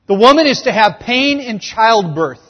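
A man's voice: very high-pitched, normal speed. A man in his thirties preaching a sermon, telling stories and acting out voices with humor. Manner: animated storytelling, acting out quoted voices with humor. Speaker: pastor. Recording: dull, echoey hall sound.

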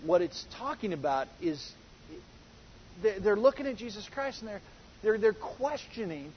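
A man's voice: high voice, sing-song, normal speed, lo-fi sound, slight background noise. A male pastor preaching an earnest sermon that builds to emphatic moments.

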